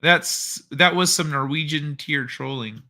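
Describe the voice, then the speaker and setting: A livestream host with a fairly high, sharp-toned voice chats casually at an unhurried pace, reading out viewer comments. He rambles and thinks aloud, restarting his sentences often.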